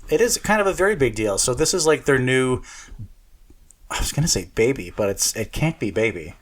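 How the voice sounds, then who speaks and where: A man's voice: mid-range voice, animated, brisk. A man co-hosting a car podcast, chatting casually with lots of fillers and a self-deprecating humor. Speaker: podcast co-host.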